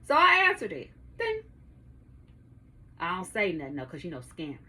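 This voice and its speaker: A woman's voice: lowish voice, wildly swooping pitch, normal speed, bright, forceful tone, slightly rough. A woman in her thirties hosting her own podcast, telling a story to her listeners in a casual, profane way and laughing often, recorded in her home studio. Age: 30s. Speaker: podcast host.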